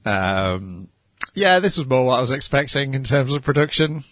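A man chatting casually on a podcast, making measured, analytical points. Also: medium pitch, fairly bright tone, dry recording. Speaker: podcast co-host. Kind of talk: casual chat about anime.

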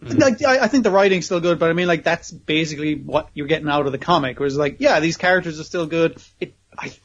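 A man's voice: on the high side, fast, lo-fi sound. A man chatting casually on a podcast, rambling and swearing a lot, laughing often. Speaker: podcast co-host. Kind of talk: casual chat about anime.

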